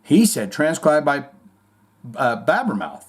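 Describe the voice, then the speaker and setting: A male host chatting loosely through music headlines, his pitch bouncing all over as he jokes and swears. He rambles, trails off, and mocks the quotes he reads. The tone is loose and offhand, like talking to regulars. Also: big pitch swings, a little slow. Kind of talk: casual commentary on music news.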